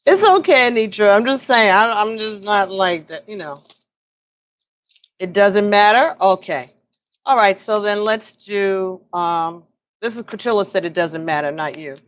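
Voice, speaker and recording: A woman's voice: medium pitch, lively intonation, measured pace, dull audio. A tired woman casually reading tarot cards on a live stream, chatting with viewers by name and laughing often. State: tired, yawning.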